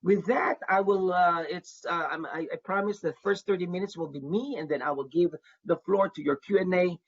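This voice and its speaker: A man leads an online workshop as an advisor to international students. He sounds earnest and says his main points twice to drive them home. His voice is a little husky, and the call audio is dull and lo-fi. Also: high-pitched, moderate pace. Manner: earnest, repeats key advice for emphasis. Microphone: video call.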